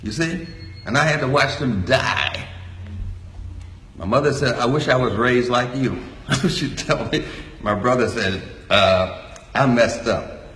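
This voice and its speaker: A man's voice: medium pitch, measured pace, pauses often, bright, forceful tone. Older man, folksy, joking, preacherly, live talk, echoey hall, faint room noise. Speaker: speaker.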